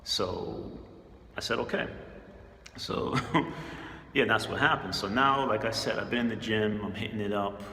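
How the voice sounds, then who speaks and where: A man's voice: lowish voice, measured pace, creaky, pauses often, pushed and bright, reverberant, long reverb tail, a little hiss or hum. A man casually telling a personal story in a laid-back, slangy way, chuckling often. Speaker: spiritual channel host.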